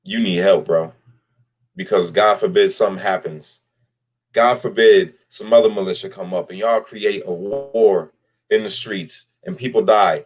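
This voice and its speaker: A man's voice: deep voice, fairly even intonation, measured pace, slightly rough. A man delivering a blunt, profane commentary straight to camera, addressing someone directly and repeating lines for emphasis. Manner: blunt, profane, speaks straight to the person he criticizes. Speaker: vlogger.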